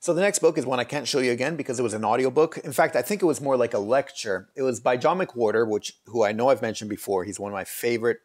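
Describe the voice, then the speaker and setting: A man hosting a casual book review video, talking in a rambling, hesitant way with many fillers and restarts. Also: lowish voice. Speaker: channel host reviewing books.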